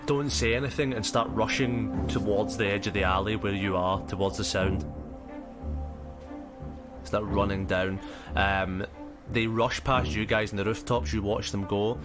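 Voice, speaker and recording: A man with a Scottish accent running a tabletop game as game master, talking in a hesitant way full of ums. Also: on the low side. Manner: hesitant, lots of ums and sort-ofs. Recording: music bed behind voice.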